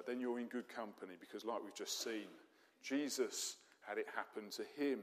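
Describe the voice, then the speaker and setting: A man preaching a sermon in a conversational way, with rhetorical questions and dry humour. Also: medium pitch. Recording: long hall reverb.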